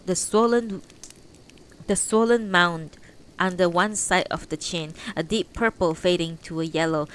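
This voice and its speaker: A woman's voice: lowish voice, a bit bright, poor audio. A woman reading a novel aloud on a livestream, unpolished, correcting her slips as she goes. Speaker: audiobook reader on a livestream.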